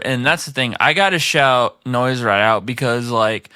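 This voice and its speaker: A man guest on a casual podcast, talking in a laid-back way, swearing freely and repeating himself as he shouts out his music scene. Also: medium pitch, a little slow, hardly any pauses, clear, resonant tone, no echo, studio quality.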